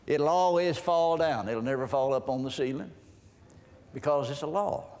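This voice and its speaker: A folksy male preacher reads scripture aloud and explains it in plain, homespun terms. His voice sits a little high for a man. A long hall reverb trails after his words. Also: normal speed, a little mellow. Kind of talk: sermon.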